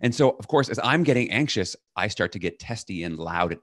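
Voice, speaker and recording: Middle-aged guy w/ a really low voice, lively storyteller, dry close mic. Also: fairly quick, few pauses, no echo. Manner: animated, acts out quoted commands loudly. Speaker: leadership coach, podcast guest. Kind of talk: storytelling in a podcast interview.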